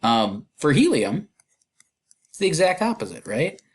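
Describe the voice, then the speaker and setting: In a recorded lecture walkthrough, a man works through chemistry problems casually, dropping fillers and poking fun at himself. He speaks unhurriedly in a fairly high, very animated voice that's slightly rough.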